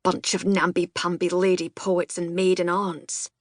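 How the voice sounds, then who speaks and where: A gruff Scottish garden boss. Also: female voice, fairly low pitch, flat delivery, unhurried, dry recording, studio quality. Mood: grumbling. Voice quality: gruff, disapproving, barking. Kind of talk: audiobook character voice.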